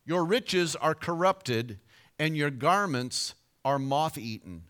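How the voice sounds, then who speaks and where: Animated preacher, lively booming swings. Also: male voice. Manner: dynamic storytelling with sudden shifts of volume and pitch; slow emphatic delivery of scripture. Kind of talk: sermon.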